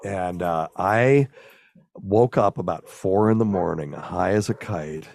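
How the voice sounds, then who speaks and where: A man's voice: low-pitched, slow pace, creaky, darkish tone, no echo, studio quality. A man in his sixties from the American South, raised near Chicago, telling candid stories as an interview guest with a trained broadcaster's delivery. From US South, raised in Chicago area until sixth grade. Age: 60s. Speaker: guest, physician and former broadcaster. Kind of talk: casual interview chat, storytelling.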